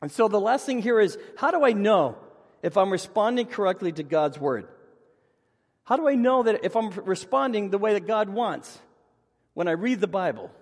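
A man, a pastor, preaching a sermon and telling funny personal stories in an animated, self-deprecating way. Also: sits high, normal speed. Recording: long hall reverb.

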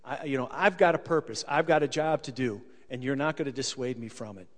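A preacher voicing a calm, patient teacher. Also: male voice, medium pitch, brisk, natural voice. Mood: firm. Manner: plain reassuring speech. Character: calm patient male teacher, gently firm. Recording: long hall reverb.

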